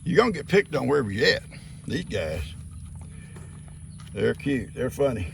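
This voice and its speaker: A man's voice: medium pitch, sing-song, moderate pace, creaky, a little hiss or hum. An older man, chatting casually to his farm animals and viewers outdoors. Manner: folksy, talks sweetly to his animals. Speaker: farm vlogger.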